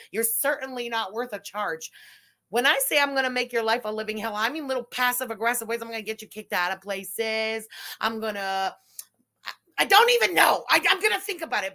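Woman reacting live, high bright voice, swears freely, mocks and laughs a lot. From Quebec. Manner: profane, mocking, laughs often. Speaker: YouTube commentator.

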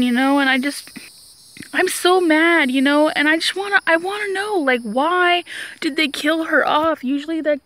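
High-voiced woman rambling about a show. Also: a bit bright. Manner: rambling, emotional, lots of "like" and "you know". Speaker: vlogger. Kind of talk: casual rambling TV review.

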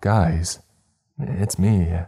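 A man voicing a creature that mimics a young woman's voice, soft and sweet but cruel underneath. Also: very deep voice, lively intonation, moderate pace, breathy edge, exaggerated voice. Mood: coaxing. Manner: soft and sweet, then spiteful.

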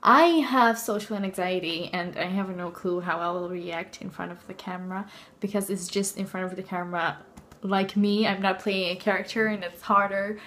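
A woman's voice: medium pitch, fairly even intonation, normal speed, fairly bright tone, a little hiss or hum. A young woman from the Netherlands with a Dutch accent, chatting casually in her home vlog. She rambles along with lots of fillers and laughs, filming herself in her bedroom on a handheld camera. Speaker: vlogger.

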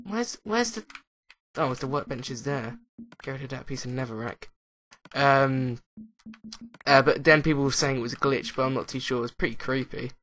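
A man's voice: medium pitch, moderate pace, fairly bright tone. A young British man rambling casually as he plays and comments on a building game. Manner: rambling and chatty, thinking aloud while playing. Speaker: gaming channel host. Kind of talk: let's-play commentary.

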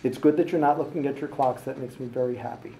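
A man teaching a music class, brisk and upbeat as he directs the students. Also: mid-range voice, vocal fry, warm tone, recorded from a distance, a little hiss or hum. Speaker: music education professor. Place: large echoey classroom. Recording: roomy classroom audio from afar.

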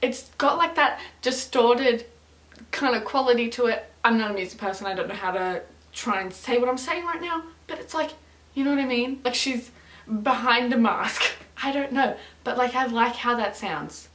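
A young woman with a fairly high voice chats excitedly, gushing and stringing her thoughts together with constant fillers. Her voice bounces around a small echoey room. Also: moderate pace, slight background noise. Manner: chatty and gushing, filler-heavy with lots of "like". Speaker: music reaction vlogger. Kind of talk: casual reaction chat.

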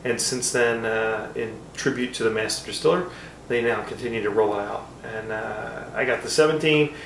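A man's voice: mid-range voice, moderate pace, vocal fry, a bit bright, roomy sound, distant mic, slight background noise, rough recording. A man reviewing whiskey in casual chat, rambling and self-deprecating with frequent fillers.

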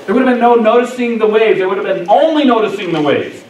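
A man with a high voice preaches a sermon, giving the quoted lines expression as he acts them out. He is recorded from a distance in an echoey church, with faint background noise. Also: expressive, fast talker, darkish tone. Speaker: pastor. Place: church sanctuary.

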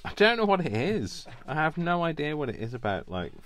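A man's voice: a little high, sing-song, fairly quick, fairly bright tone. A man hosting a crafting video, chatting casually at his table in a rambling, self-mocking way and laughing often. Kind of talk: casual chat while crafting.

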